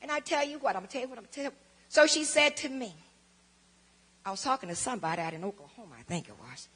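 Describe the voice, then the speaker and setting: Husky older woman testifying. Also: on the high side, lively intonation, fast, a bit bright. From Southern United States. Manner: dramatic storytelling, acting out both sides of conversations. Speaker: church member giving testimony. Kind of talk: church testimony. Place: church sanctuary. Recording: long church hall reverb.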